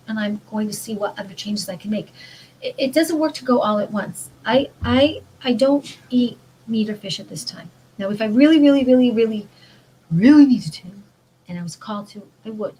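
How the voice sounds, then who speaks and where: Woman, earnest, rambling monologue, mid-pitched voice, faint background noise. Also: darkish tone, poor audio. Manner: rambling, earnest, many restarts. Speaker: vlogger. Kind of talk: casual spiritual monologue.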